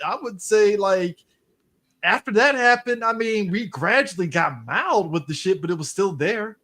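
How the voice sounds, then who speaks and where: A man's voice: high voice, expressive, moderate pace, fairly bright tone. A man co-hosting a podcast, cutting in and making his point emphatically in casual talk. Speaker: podcast co-host. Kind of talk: casual discussion.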